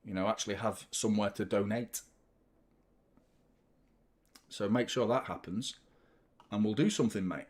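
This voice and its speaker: A man's voice: fairly low pitch, a little fast, slightly rough. A man hosting a live football watchalong, commenting on the match, chatting to viewers and swearing freely. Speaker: host of a football watchalong stream.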